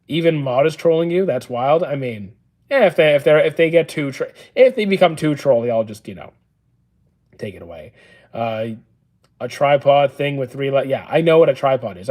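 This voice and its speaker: A man in his thirties hosting a livestream, reading out chat questions and answering them in a calm, dry, matter-of-fact way with frequent "uh"s. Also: medium pitch. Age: 30s. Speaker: livestream host.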